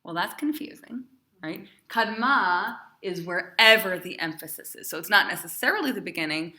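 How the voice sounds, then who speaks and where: A woman's voice: fairly low pitch, animated, moderate pace, pushed and bright, reverberant. A woman cantor teaching a class, chatty and encouraging, asking her students questions. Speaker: cantor teaching Torah cantillation.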